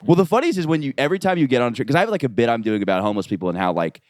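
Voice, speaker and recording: A man hosting a comedy podcast, telling stories in quick, animated casual chat. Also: medium pitch, no room sound, clean studio sound. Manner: rapid, animated storytelling with frequent laughs and repeated "yeah". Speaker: podcast host.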